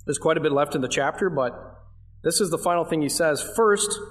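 A man's voice: on the high side, a little fast. Conversational man preaching a sermon. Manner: conversational, asks the congregation questions; emphatic, leans on key phrases. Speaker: pastor.

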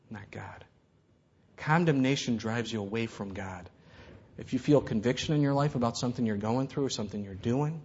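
A man's voice: medium pitch, a little mellow, husky, dull audio. A man preaching a conversational sermon, acting out the voices in Bible stories. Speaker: pastor.

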